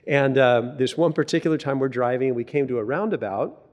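A man preaching a sermon in a conversational, animated way, often restarting his sentences as he tells a personal story. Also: mid-range voice, fairly quick. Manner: conversational and animated, many restarts and filler words. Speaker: pastor.

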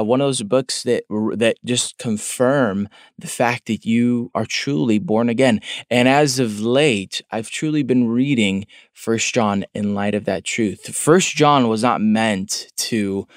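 Man, pastor, sermon, earnest, rhetorical questions, lowish voice. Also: no echo, clean studio sound. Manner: earnest, questioning, repeats words for emphasis.

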